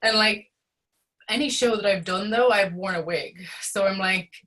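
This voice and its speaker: A woman's voice: mid-range voice, moderate pace, a bit bright, low-quality recording. A young woman, a drama student, asking a rambling, uncertain question full of fillers. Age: young adult. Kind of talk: asking a question in a group discussion.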